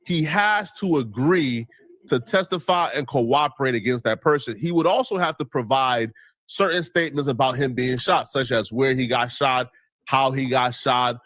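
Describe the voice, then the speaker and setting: A man giving explanatory commentary, laying out his points deliberately and step by step. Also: medium pitch, fairly bright tone, dry recording.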